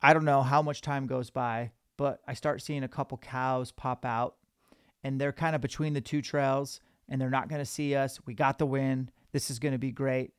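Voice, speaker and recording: Podcast host guy telling a hunt story, clear smooth voice, dry close mic. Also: mid-range voice, moderate pace, no echo. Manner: animated storyteller. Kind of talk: casual hunting story.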